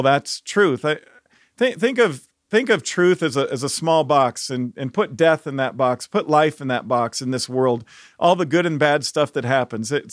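A man's voice: on the high side, no room sound, studio quality. A man preaching a sermon in a conversational, emphatic way, asking rhetorical questions.

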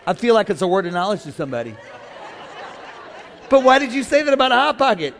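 A man preaching a sermon, joking with his congregation and shouting at the high points. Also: fast talker, big-room sound, a little hiss or hum. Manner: energetic, joking, shouts at the climaxes. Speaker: pastor. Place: church sanctuary.

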